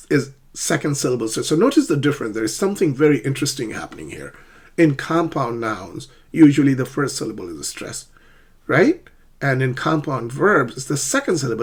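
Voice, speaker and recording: A man teaching an online English pronunciation lesson, drilling words slowly and often checking in with the learner. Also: medium pitch, very animated, creaky, slightly rough.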